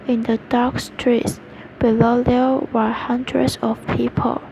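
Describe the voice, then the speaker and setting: A woman reading a story aloud in a slow, careful, halting way. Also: on the high side, level tone, gravelly. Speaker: reader. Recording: noisy recording with vehicle sounds.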